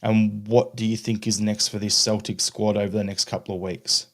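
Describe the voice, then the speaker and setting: A man's voice: lowish voice, little pitch movement, normal speed. Blunt, sweary Scottish man. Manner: blunt, ranting, swears freely. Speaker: podcast co-host. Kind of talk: casual football podcast chat.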